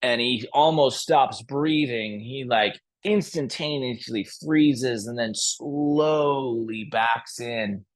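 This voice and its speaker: Brief: unhurried man leading a gentle yoga class, mid-pitched. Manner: slow, calm and gentle. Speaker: yoga instructor. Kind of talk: guided yoga class with storytelling.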